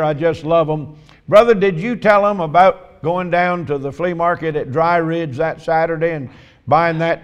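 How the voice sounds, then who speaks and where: A man preaching a sermon, telling folksy humorous stories and asking drawn-out emphatic questions. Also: on the high side.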